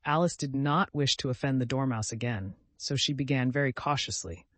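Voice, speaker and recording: A man narrating a storybook audiobook in a measured, even way. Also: mid-range voice, no echo.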